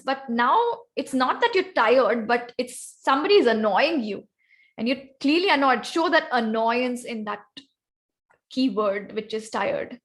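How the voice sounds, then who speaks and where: A slightly high, fairly bright voice belongs to a woman with an Indian accent. Guest-speaking at an online club workshop, she instructs listeners on vocal variety and speaking skills and addresses volunteers by name.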